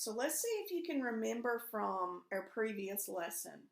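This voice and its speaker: A woman's voice: on the high side, big pitch swings, moderate pace, hardly any pauses, a bit bright. A woman teacher, patiently walking young pupils through a reading lesson and asking them guiding questions. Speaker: elementary school teacher. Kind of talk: recorded remote reading lesson. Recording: echoey room.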